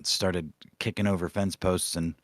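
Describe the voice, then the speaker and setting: A man's voice: low voice, steady tone, a little slow, very noisy. A man hosting a casual livestream podcast, talking in a rambling, profane, sarcastic way into a close microphone. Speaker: podcast host.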